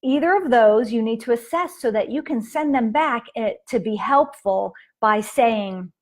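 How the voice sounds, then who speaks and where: Woman, parenting coach, casual live-stream delivery, slightly high voice, chatty with fillers. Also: measured pace. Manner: chatty, with fillers and acted quotes of kids.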